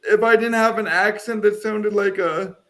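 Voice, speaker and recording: A man's voice: high voice, fairly even intonation, moderate pace, a bit bright. A man in his thirties from the US Midwest, chatting on a podcast in a rambling, self-mocking way. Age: 30s. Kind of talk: casual podcast chat.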